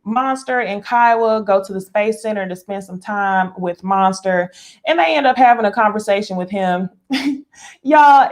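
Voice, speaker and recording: A woman hosting a casual live recap of a reality show, chatty and opinionated, laughing often and talking straight to her viewers. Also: medium pitch.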